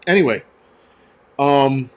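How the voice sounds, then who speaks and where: A man's voice: mid-range voice, takes it slowly. Blunt, cursing man ranting on a stream. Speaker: host and firefighter. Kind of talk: livestream rant and storytelling.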